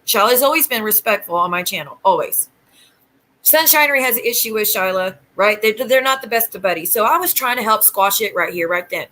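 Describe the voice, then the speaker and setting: A woman's voice: medium pitch, expressive, brisk, sharp tone, rough recording. A woman hosting her own livestream, telling an aggrieved, rambling story about online drama and answering chat. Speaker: YouTube livestream host. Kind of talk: casual ranting livestream talk.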